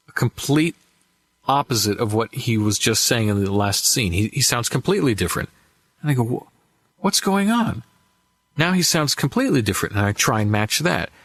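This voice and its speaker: A male voice actor and impressionist, telling animated anecdotes in a casual interview and acting out the quotes. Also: on the low side, no room sound.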